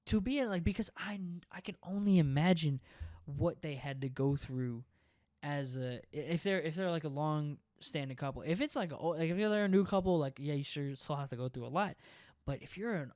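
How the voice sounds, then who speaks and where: A young man hosting a podcast, telling a story in casual, profane chat, animated and often breaking into laughter. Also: a little high, moderate pace, dry recording, clean studio sound. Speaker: podcast host.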